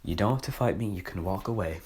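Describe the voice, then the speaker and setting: A man's voice: low-pitched, quick pace, darkish tone, natural voice. A young man voicing a meek, decent teenage boy who speaks mildly and apologetically. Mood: calm. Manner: apologetic, mild.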